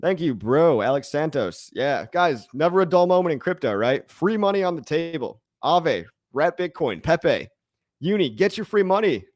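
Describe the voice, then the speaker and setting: A man's voice: fairly high pitch, sing-song, normal speed, dry recording. A man hosting a casual crypto live stream, reading chat comments and rambling with jokes and the odd swear word.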